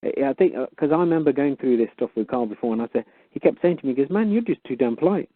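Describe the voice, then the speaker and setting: A man telling stories as a guest on a call-in show, acting out the conversations with sudden jumps up in pitch. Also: very fast, dry recording. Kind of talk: casual storytelling, acting out conversations. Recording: tinny phone line.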